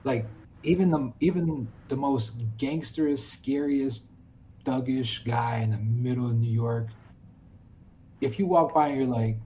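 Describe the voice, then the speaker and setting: A man from the United States, a podcast guest chatting casually, who tells animated stories and acts out what people said. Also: mid-range voice, highs cut off, slight background noise. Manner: animated storyteller, acts out quoted speech. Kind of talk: casual chat.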